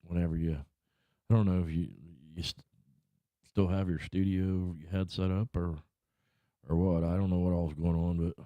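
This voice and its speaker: Deep-voiced man ranting, swearing freely. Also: level tone, moderate pace, pauses often, dark tone, dry recording. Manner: profane, rambling, worked-up ranting. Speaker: livestream host. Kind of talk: casual rant and chat to viewers. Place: home room.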